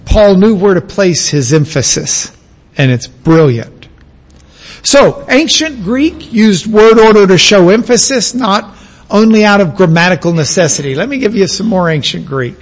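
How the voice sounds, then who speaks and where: A man's voice: sits high, animated, normal speed, big-room sound. A man from the United States giving a classroom lecture on biblical languages, emphatic and repeating key words for stress.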